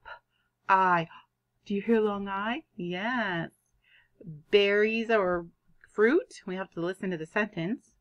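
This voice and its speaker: A woman teaching a kindergarten reading lesson, sounding out words in an animated, drawn-out way. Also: mid-range voice, lo-fi sound. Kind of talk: online phonics lesson for young children.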